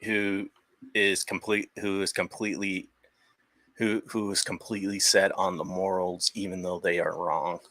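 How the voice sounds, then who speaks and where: A man's voice: sits low, little pitch movement, unhurried, sharp tone, no room sound. A young man chatting casually as a guest on a stream, rambling with many restarts and the odd swear. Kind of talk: casual chat.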